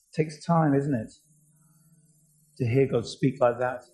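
A man's voice: mid-range voice, measured pace, dark tone, soft background music, rough recording. A man preaching a sermon, earnest and asking his listeners many questions.

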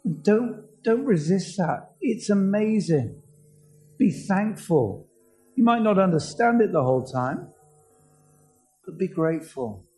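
A man's voice: high voice, very animated, slow, pauses often, mellow, soft background music, poor audio. A man preaching a sermon, earnest and asking his listeners many questions.

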